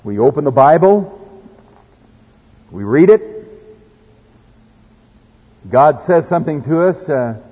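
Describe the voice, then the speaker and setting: Folksy Oklahoma preacher in an echoey hall. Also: male voice, fairly high pitch, animated, takes it slowly, pauses often, dark tone, slightly rough. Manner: folksy, preaches with farm stories and scripture. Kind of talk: sermon. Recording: echoey hall, dull lo-fi sound.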